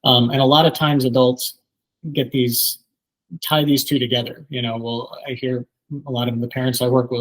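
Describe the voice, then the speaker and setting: Male therapist in his 30s, relaxed presenter, frequent fillers, mid pitch. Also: moderate pace, low-quality recording. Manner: many ums, conversational teaching. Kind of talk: training presentation.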